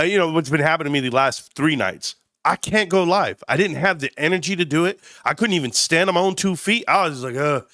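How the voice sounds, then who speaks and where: A man hosting a casual live stream, rambling through stories while nursing a sinus cold. His voice is fairly high and bright, and it sounds close and dry, with almost no room around it. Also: no echo. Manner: rambling, animated storytelling.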